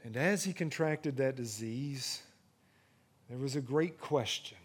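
A man preaching a sermon, swinging from hushed, intimate moments to rising excitement, often repeating and restarting phrases. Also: medium pitch, unhurried, husky. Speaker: pastor.

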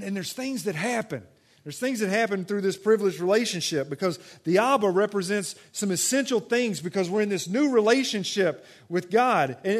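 A young man preaching a sermon in a conversational way, moving between loud emphatic stretches and soft, quiet ones. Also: high-pitched. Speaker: pastor.

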